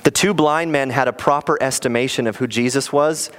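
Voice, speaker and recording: A man preaching as a pastor in an earnest, animated sermon, often acting out quoted lines. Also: mid-range voice, fairly quick.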